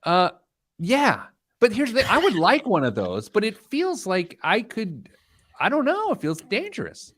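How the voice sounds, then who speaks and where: A male radio host chatting casually and telling stories with a joking, animated manner. His pitch swings widely from phrase to phrase. The studio sound is close and dry, with no room echo. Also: a little slow. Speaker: show host. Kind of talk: casual radio show chat.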